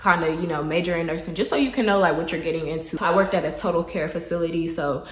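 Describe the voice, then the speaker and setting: A young woman talks through a personal story in a chatty vlog style, sprinkling "like" and "y'all" throughout. Her voice sits a little low and she sounds close to tears. The sound is roomy, with an echo around her. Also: quick pace. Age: young adult. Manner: chatty, heavy use of "like" and "y'all". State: tearful, holding back crying. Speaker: vlogger.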